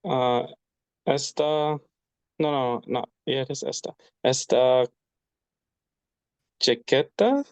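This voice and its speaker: A man's voice: medium pitch, animated, slow, pauses often, smooth, dry recording. A man answering as a student in class, hesitant and searching for words.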